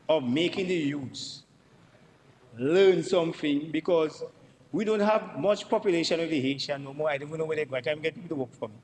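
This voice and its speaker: A man's voice: on the high side, a little mellow. A man with a Dominican accent giving an emphatic parliamentary budget debate speech, repeating himself for emphasis and addressing the Speaker. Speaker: member of parliament. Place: parliament chamber. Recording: long chamber reverb with faint background noise.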